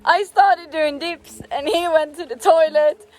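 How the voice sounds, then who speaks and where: A young Swedish woman, a native Swedish speaker with a Swedish accent, telling a lively travel story to her handheld camera. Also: very high-pitched, unhurried. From Sweden. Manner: animated, laughing, acts out quotes. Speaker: vlogger. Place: van trip at a vineyard.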